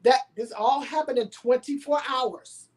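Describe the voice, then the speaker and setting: A woman's voice: high-pitched, measured pace. Emotional woman storyteller. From Houston, Texas. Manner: dramatic, acts out pleading and quotes with big swings. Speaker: guest telling a personal story.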